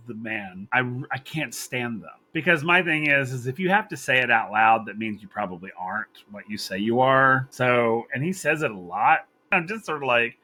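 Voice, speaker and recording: Guy cohosting a wrestling podcast, bright voice, laughs a lot, keeps restarting sentences. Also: mid-range voice. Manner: chatty, laughs often, repeats himself. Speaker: podcast co-host. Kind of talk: casual wrestling podcast chat.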